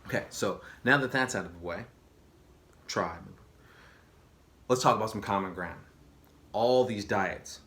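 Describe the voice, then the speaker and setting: A man's voice: fairly low pitch, fairly bright tone. A man talking straight to camera on his own channel in a casual, slangy, emphatic way. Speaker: vlogger. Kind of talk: casual direct-to-camera talk.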